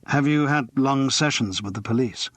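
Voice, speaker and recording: Gentle, wry actor, everyday delivery; male reader, husky, dry booth. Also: mid-range voice, normal speed, no echo, close to an everyday voice.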